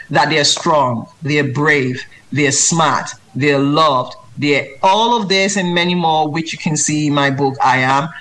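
A woman speaking as a children's book author in an interview. She talks earnestly and with emphasis. She turns lively when she mimics reading aloud to a child. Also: deep voice, poor audio. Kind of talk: interview answers.

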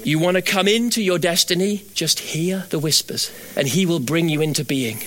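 A middle-aged man preaches a sermon at normal speed, building to fervent, high exhortation before dropping into quiet storytelling.

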